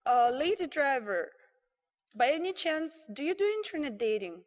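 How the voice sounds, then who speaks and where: A woman's voice: sits high, big pitch swings, normal speed. Woman doing an awkward nervous guy, hesitant, echoey room. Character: awkward nervous male passenger on his way to a date.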